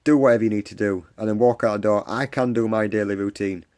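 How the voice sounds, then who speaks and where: Reading out and answering comments, this low-voiced man gives an earnest, repetitive pep talk as host of a support group's live stream. He moves at a quick pace with fairly even intonation, and his voice sounds smooth and a little mellow over the phone or webcam mic.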